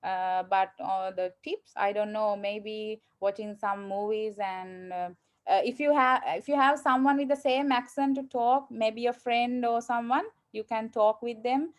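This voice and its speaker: A woman's voice: fairly high pitch, fairly even intonation, measured pace. A woman English teacher, answering students' questions in an online class, encouraging and hesitant. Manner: encouraging, hesitant with many fillers. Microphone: video call.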